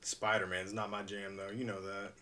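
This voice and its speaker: A man's voice: on the low side, flat delivery, normal speed, sharp tone, recorded from a distance. A man hosting a live stream, chatting casually and chuckling as he repairs a toy at his workbench. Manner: rambling, laid-back, chuckles often.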